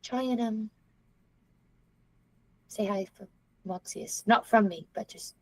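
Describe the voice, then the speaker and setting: An earnest young woman who is worried about her family, played by a woman in a tabletop game. Her voice is husky and a little breathy, and she talks hesitantly, restarting and trailing off as she goes. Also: a little high, slow, darkish tone. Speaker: player voicing a young grandchild character. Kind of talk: in-character tabletop role-play.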